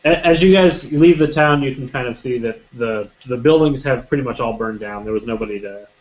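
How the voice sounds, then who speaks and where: A man narrates a tabletop roleplaying game as game master, stopping and restarting his sentences often. His voice sits at a medium pitch. The recording is dull and lo-fi. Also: brisk, soft background music. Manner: hesitant, many ums and restarts. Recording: muffled lo-fi recording.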